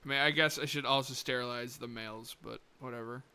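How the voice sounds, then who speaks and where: A young man streaming a colony game live, muttering to himself, swearing and breaking into sudden excited outbursts. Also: medium pitch, quick pace, clean tone. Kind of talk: live gameplay commentary.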